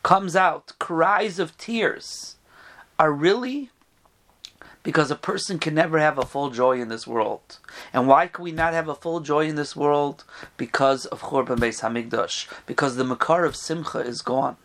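A man teaching a Torah class, reading out Hebrew texts in a chanting study-hall cadence. He rises in pitch to stress a point, drops low and soft when quoting sources, and often clears his throat. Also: a little slow. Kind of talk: Torah lesson.

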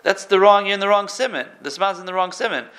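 High, bright-voiced man teaching Talmud. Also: fast talker. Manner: reads Hebrew text then explains in casual English. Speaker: Torah teacher. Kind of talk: Talmud lesson, reading and translating.

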